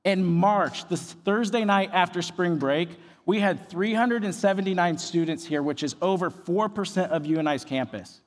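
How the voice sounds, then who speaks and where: A man preaching a sermon as a pastor, energetic and joking as he tells stories. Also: high voice, moderate pace, hardly any pauses, big-room sound. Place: church.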